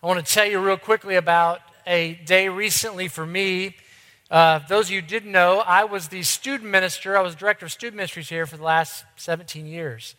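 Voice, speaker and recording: High bright-voiced man telling a story. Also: steady tone, a little fast, big-room sound. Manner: conversational, self-deprecating storyteller. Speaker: church ministry director. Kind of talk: sermon storytelling.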